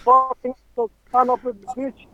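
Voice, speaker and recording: A man's voice: very high voice, completely flat delivery, slow pace, no echo. A man taking a prank call as a taxi driver, angry and cursing in broken phrases over a phone line.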